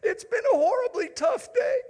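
A man putting on the voice of a frazzled, crying housewife, pitched high and overwrought. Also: lively intonation, moderate pace, darkish tone. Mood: sobbing, frazzled. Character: frazzled crying housewife, middle-aged woman. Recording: long reverb of a large hall.

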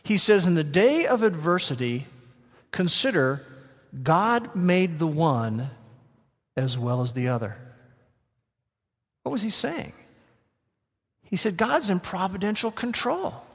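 A man preaching a sermon as pastor, emphatic, slowing down to stress key words. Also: high voice, sing-song, breathy edge. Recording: long hall reverb.

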